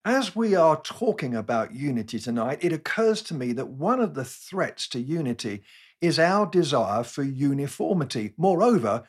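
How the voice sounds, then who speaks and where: A man's voice: on the high side, sing-song, normal speed, husky. A man with an English accent giving a sermon, telling humorous self-deprecating stories in a wry, scripted way. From England. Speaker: preacher.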